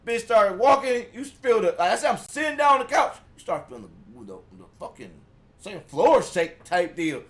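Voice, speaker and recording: Man, high voice, animated storytelling, acts out quotes, casual stream. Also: fairly quick. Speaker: guest storyteller.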